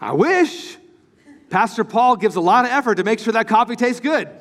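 Pastor, male, high voice, lively sermon delivery, long church reverb. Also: moderate pace. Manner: animated, acts out quoted voices, excited.

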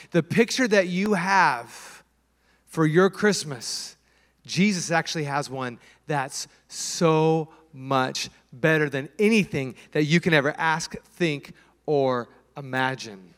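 A pastor preaching a sermon, telling a story and acting out the voices and screams in it. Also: male voice, on the high side, slow pace, fairly bright tone, big-room sound. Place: church.

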